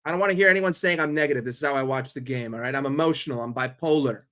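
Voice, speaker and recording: Excitable, foul-mouthed New man. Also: medium pitch, very fast. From New York. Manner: profane, sarcastic and excitable, swinging from grumbling to yelling. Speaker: streamer hosting a football watchalong. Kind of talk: live football commentary.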